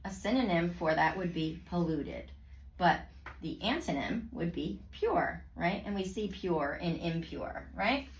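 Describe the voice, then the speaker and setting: A woman tutoring a student in reading, praising often and sounding out words slowly in parts. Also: on the low side, expressive. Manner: slow, clearly segmented word pronunciation. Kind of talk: one-on-one reading lesson. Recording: roomy sound from a distance.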